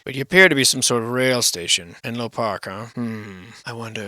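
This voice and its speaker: A man's voice: medium pitch, fairly quick, sharp tone, no echo, clean studio sound. A man hosting a video, giving casual, sarcastic and profane commentary on archive photos while wandering off into musings. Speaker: video host.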